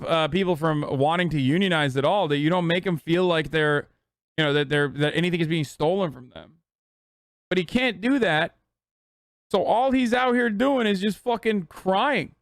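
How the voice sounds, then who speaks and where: A man's voice: on the high side, fairly bright tone, no echo. Give me a man ranting on stream, fired up and swearing, recorded close and dry. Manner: heated, profane, mocking.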